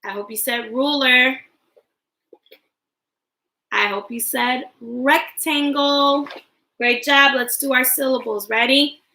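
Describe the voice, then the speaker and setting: A young woman leads a livestream lesson for small children, stretching her words out in a slow, sing-song way. Her voice sits a little high and sounds bright and clear. She keeps a patient, classroom rhythm. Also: fairly even intonation. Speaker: teacher. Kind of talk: early-grade livestream lesson.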